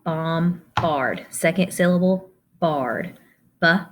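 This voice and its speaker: A woman teacher walks children through a spelling lesson, slowly sounding out each letter. Her voice sits a little low, and her pace is unhurried and deliberate. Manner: slow, sounding out letters one by one.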